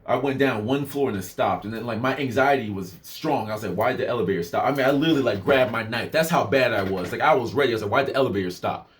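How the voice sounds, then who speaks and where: A man's voice: medium pitch, quick pace, few pauses. A young man casually telling a personal story in a rambling way, full of fillers and asides. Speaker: vlogger.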